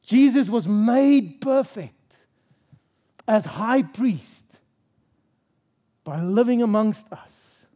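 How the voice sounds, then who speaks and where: A man's voice: high voice, expressive, extremely slow, long pauses, mellow. A male pastor preaching a sermon in a church service, stressing his points with rhetorical questions and repeated phrases.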